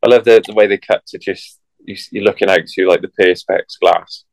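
Gravelly deep-voiced man, dry quips. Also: fairly even intonation, a little fast, slight background noise. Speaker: podcast co-host. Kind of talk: casual chat.

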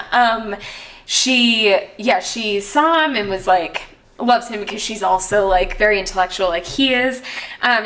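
A woman's voice: mid-range voice, fairly bright tone. A woman hosting a podcast in casual chat, talking loosely with many fillers and frequent laughs. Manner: chatty, full of "um" and "like", laughs often. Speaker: podcast host.

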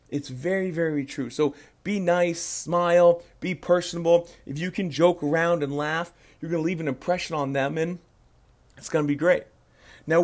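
Young male podcast host, slightly high voice, loose, repetitive coaching talk. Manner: energetic, repeats himself, acts out sample calls. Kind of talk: casual sales advice podcast.

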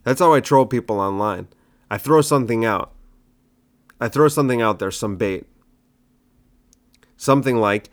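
A man's voice: mid-range voice, moderate pace, pauses often. A young adult man, a stand-up comedian hosting his own show, rambling casually and mocking his own old jokes. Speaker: stand-up comedian and podcast host. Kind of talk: casual solo podcast monologue.

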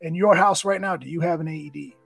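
A man's voice: a little high, fast talker, gravelly, a bit bright, husky, no echo, faint music behind, poor audio. A man, a police officer and nonprofit founder, telling his story earnestly and with emotion in a conversational interview.

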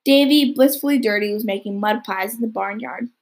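A young woman reads a novel aloud in a breathy, somewhat high voice. She keeps a steady narrating pace and stumbles now and then before restarting. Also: brisk. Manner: occasional slips and restarts. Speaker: audiobook reader.

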